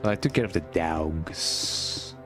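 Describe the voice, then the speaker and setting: A man's voice: a bass voice, slow pace, music in the background. A young man, casually commenting as he plays a game and rambling on with "eh?" tags. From Mexico. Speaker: gaming streamer.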